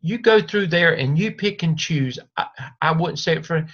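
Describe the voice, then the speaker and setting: One-on-one with a doctoral student on a video call, a man offers reassuring, repetitive coaching at normal speed. His voice is on the high side and fairly bright, heard through dull lo-fi call audio.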